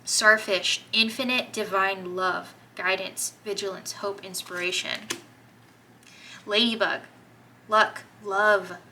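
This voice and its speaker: A woman giving a gentle, encouraging tarot reading to her viewers, gushing over the cards as she turns them. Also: mid-range voice, fairly even intonation, takes it slowly, a little hiss or hum, low-quality recording. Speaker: tarot reader.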